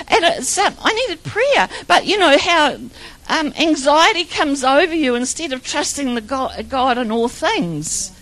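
A woman's voice: high-pitched, lively intonation, measured pace, a bit bright, no echo, poor audio. A middle-aged woman giving an informal sermon full of personal stories, chatty and rambling, often laughing. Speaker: preacher.

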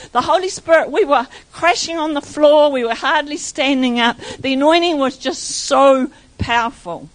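An older woman pastor with a high, light voice. She tells church stories in a rambling, heartfelt way, with many restarts. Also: dry recording. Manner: rambling, emotional storytelling. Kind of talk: church testimony.

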